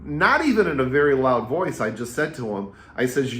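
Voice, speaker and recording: A man in his fifties, a real estate agent and coach, giving casual advice straight to camera and telling stories in a lively, repetitive way. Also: medium pitch, normal speed. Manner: energetic, chatty storyteller with repetitive phrasing. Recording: roomy echo.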